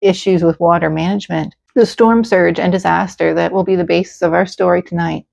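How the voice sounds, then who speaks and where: Gravelly-voiced woman telling a legend. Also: lowish voice, fairly even intonation, fairly quick, darkish tone. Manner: dramatic, earnest storytelling. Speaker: history storyteller. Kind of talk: storytelling narration. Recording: slightly dull, faint music.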